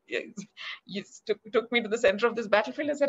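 A woman's voice: a little high, a little fast, slightly rough. A middle-aged woman with an Indian English accent, a children's author telling a story in an interview and acting out the dialogue, heard over a video call. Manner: animated, acts out quoted dialogue. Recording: slightly dull lo-fi audio.

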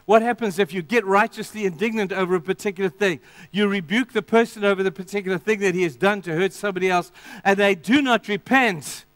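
A man preaching a sermon in a high, light voice. He rises to emphatic declarations and then drops to quiet, intense asides, talking straight to his congregation. The sound is close and dry, with little room around it. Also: quick pace, hardly any pauses, no room sound. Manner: addresses the congregation directly. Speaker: pastor.

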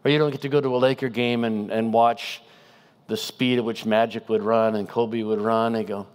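A man giving a guest sermon in a conversational style, animated and asking the congregation rhetorical questions. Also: medium pitch, normal speed. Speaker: guest preacher.

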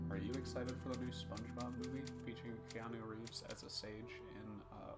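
A man's voice: mid-range voice, steady tone, brisk, few pauses, music in the background. A man co-hosting a let's play, joking and laughing casually while he plays. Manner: joking, playful, hums and laughs. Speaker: let's play co-host, playing. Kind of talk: casual gameplay chat.

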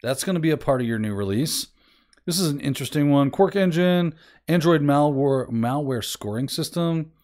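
Rambling man demoing software aloud. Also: a little high, lively intonation, moderate pace. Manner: rambling, self-deprecating, thinking aloud. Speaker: host. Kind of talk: casual screen-share software demo.

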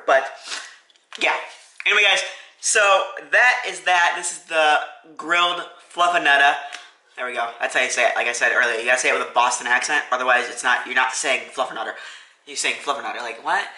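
A man's voice: medium pitch, pushed and bright, reverberant, low-quality recording. A man reviewing a sandwich in a casual food vlog at a restaurant, chatty and enthusiastic with lots of fillers, filmed on a phone camera. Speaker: food vlogger. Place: restaurant, indoors. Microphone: phone camera, no tripod.

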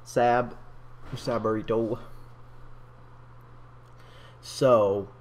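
Young man, casual gaming chat, jokey, mid pitch. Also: fairly even intonation, very slow, slight background noise. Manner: joking, laughs often. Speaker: let's play co-host.

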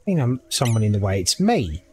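A gaming video creator offers casual let's-play commentary, thinking aloud and reading the on-screen text as he plays. His lowish, darkish voice is sing-song and fairly quick, with soft music playing behind it.

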